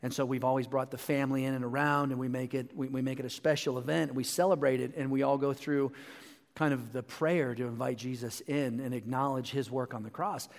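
Pastor preaching in a reverberant hall. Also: male voice, mid-range voice, fairly quick, vocal fry. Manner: storytelling, animated when telling anecdotes. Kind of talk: sermon. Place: church sanctuary.

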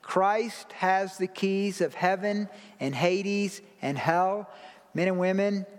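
A man preaches a sermon in a high, slow, deliberate voice, leaning hard on key words. At times he drops to a hushed, soft tone. His voice rings with the long reverb of a large church hall. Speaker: pastor.

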